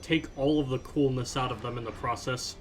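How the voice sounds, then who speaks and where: A man's voice: medium pitch, steady tone, brisk, soft background music. A man co-hosting a gameplay commentary, teasing and playful in casual chat over a voice call.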